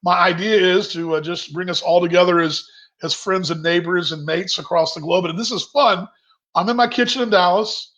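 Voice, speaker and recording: A chatty man hosts a virtual happy hour over a video call from his home kitchen, wandering from topic to topic and reading viewers' comments aloud. He speaks at a normal speed in a high, fairly bright voice. The audio is dull and lo-fi.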